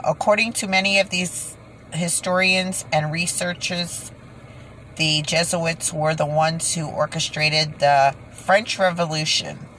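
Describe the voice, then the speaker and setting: Slow-talking woman, halting and self-correcting. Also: lowish voice, fairly bright tone, slight background noise, low-quality recording. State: tired, head pounding. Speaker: video creator. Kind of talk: casual monologue reading from notes.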